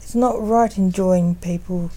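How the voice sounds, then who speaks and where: A woman's voice: on the low side, steady tone, a little slow, warm tone. A woman voicing a stern, bossy male grim reaper who leads the others, in a scolding, dry manner.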